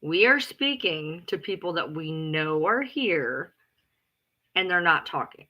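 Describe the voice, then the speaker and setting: A woman talking in a casual rant to her followers, blunt and profane, repeating herself for emphasis and calling herself loud. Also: lowish voice, sing-song, a little slow, muffled recording. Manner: loud, self-described alpha female. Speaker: live streamer. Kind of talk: casual ranting chat.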